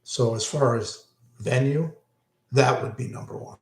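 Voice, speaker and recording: Slow rambling older man, echoey room. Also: medium pitch. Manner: rambling, self-interrupting, enthusiastic. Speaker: vlogger recalling concerts. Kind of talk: casual rambling monologue.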